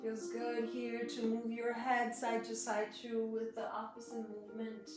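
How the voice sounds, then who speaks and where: With a completely flat delivery, a female yoga teacher gives soft, slow cues for a gentle class, slipping in chatty asides to viewers in a high-ish voice. The mic is distant and the room very echoey, and guitar music is clearly heard beneath her.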